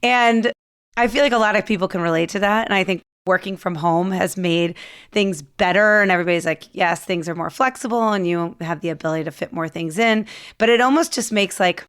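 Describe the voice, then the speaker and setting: A woman's voice: mid-range voice, fairly quick, a bit bright, smooth. A woman podcast host in her thirties, chatting casually and self-deprecatingly with lots of fillers. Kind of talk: casual podcast intro monologue.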